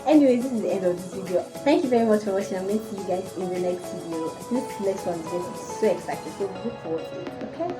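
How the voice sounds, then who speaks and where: A woman's voice: mid-range voice, fast talker, few pauses, over music, low-quality recording. A young woman telling a personal story casually to her viewers. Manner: animated storytelling. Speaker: vlogger.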